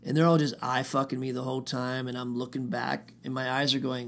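A man's voice: mid-range voice, a little fast, gravelly, hardly any pauses, a little hiss or hum. A man telling a long personal story in a casual, profane, rambling way, often quoting others. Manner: profane, rambling, animated retelling with quoted voices.

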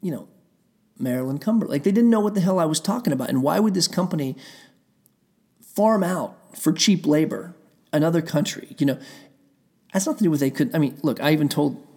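A man's voice: a little high, lively intonation, a little fast, long pauses, darkish tone, breathy edge. A man telling a heated, rambling story in a casual rant, swearing often and circling back on himself. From Pennsylvania.

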